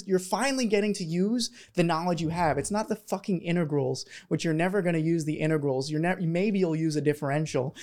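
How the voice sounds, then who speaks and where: A young man from Philadelphia, a medical student telling his story as an interview guest, talking fast and animated with restarts. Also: a little high.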